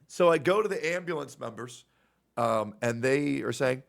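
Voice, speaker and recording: Male streamer, mid pitch, gravelly, storyteller who acts out the dialogue. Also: expressive, normal speed. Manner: rambling anecdote, acting out quoted dialogue. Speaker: streamer telling a personal story. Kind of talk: storytelling on a livestream.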